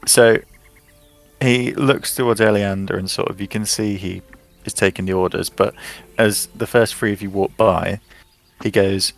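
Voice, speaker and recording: Male game master, low gravelly voice, relaxed scene narration, soft music bed. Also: normal speed. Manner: relaxed, descriptive narration with fillers.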